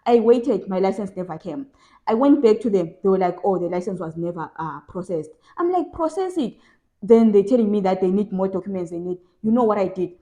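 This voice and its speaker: A woman's voice: medium pitch, brisk, mellow. A young woman from South Africa giving casual advice in a vlog, emphatic and repeating phrases for stress. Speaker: vlogger.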